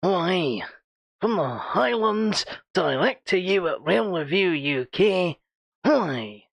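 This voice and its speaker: A man putting on a deliberately bad Scottish accent to play a loud, cheery Highland man who keeps shouting "Oi". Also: expressive, creaky, dry recording, heavily acted. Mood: boisterous. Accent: exaggerated mock Scottish. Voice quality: shouty greeting, repeating "Oi".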